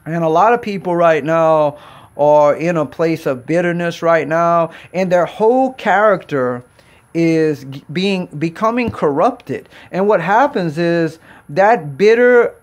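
A man's voice: on the high side, lively intonation, unhurried. A man preaching a sermon in an earnest, exhorting way, repeating phrases and restarting sentences as he goes.

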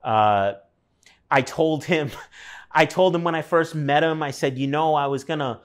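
A man in his thirties, appearing as an artist guest, speaks a little slowly in a voice on the high side. His casual storytelling wanders, filled with fillers and profanity as he shares something personal.

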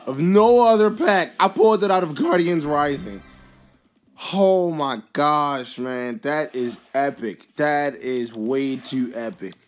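A vlogger commentating a card pack opening in a casual, excitable way, with frequent exclamations and rambling asides full of fillers. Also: medium pitch, slow. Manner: rambling, filler-heavy musing.

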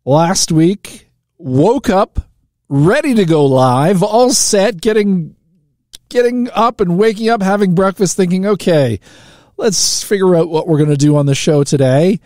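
A man's voice: high voice, animated, unhurried, a little mellow, no room sound, studio quality. A man hosting a live talk radio show, chatting casually and joking, with lots of fillers and restarts. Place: radio studio.

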